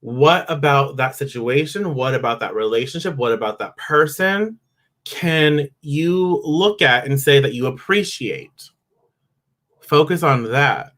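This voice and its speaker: A chatty man hosting a live oracle card reading talks loosely and conversationally. He breaks off to greet viewers by name and slips into little grumbling voices to make his point. His speech is middle in pitch. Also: expressive, measured pace, a bit bright. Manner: acts out grumbling inner voices. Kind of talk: casual live-stream spiritual talk.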